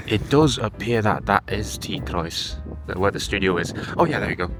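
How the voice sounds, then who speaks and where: A man's voice: on the low side, lively intonation, moderate pace. A young man vlogging casually, thinking aloud as he walks through town streets at dusk. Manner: chatty, thinking aloud, self-talk while walking. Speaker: language vlogger. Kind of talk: casual vlog monologue. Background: wind, traffic and faint music.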